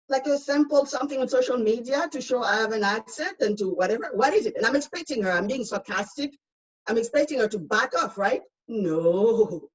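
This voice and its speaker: A woman's voice: a little high, recorded from a distance, highs cut off. A woman with a foreign accent gives outspoken, emphatic personal testimony as a speaker in a panel discussion over a video call.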